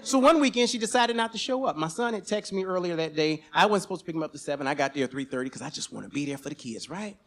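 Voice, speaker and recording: A man telling a personal story on stage at a live storytelling event, animated and profane, at times breaking into shouts. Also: fairly high pitch, quick pace, few pauses, a faint crowd.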